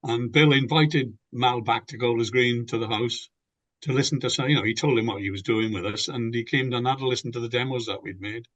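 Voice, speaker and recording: A man's voice: medium pitch, a little fast, a bit bright. An older British man, a former band member, reminiscing in an interview and often restarting his sentences with repeated words. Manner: rambling, repeats words when starting sentences. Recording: muffled, lo-fi.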